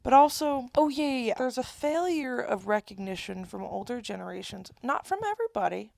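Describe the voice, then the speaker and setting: A young woman in her twenties with a gravelly, creaky edge to her voice, venting to camera. She rambles and keeps restarting her thoughts. The sound is close and dry, with no room around it. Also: a little high, lively intonation, a little fast, darkish tone, no echo. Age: 20s. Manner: rambling, self-interrupting, candid. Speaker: vlogger. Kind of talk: casual confessional monologue.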